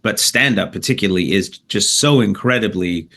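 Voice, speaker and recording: Canadian comedian guy, bright tense voice, swears a lot, tells stories fast and loose. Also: fairly low pitch. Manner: animated anecdote-telling with profanity and laughter. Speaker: comedian guest. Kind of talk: storytelling in a podcast interview.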